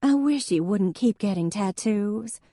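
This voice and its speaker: A woman voicing a fussy, easily wounded older sister who sounds high, tearful and prim. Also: animated, a little slow, dark tone, no echo, clean studio sound. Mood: prim, snappish.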